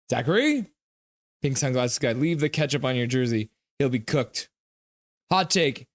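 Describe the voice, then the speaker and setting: A man's voice: medium pitch, no echo, clean studio sound. Man joking through a live game stream. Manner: jokey, teasing, reads chat messages aloud. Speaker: streamer reading live chat. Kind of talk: casual live game reaction.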